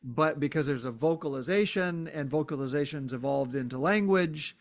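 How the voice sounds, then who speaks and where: In a reflective solo podcast, a man with a somewhat high voice works through a philosophical idea at a moderate pace. He thinks out loud, using fillers and frequent "right?" checks, and occasionally acts out brief exclamations.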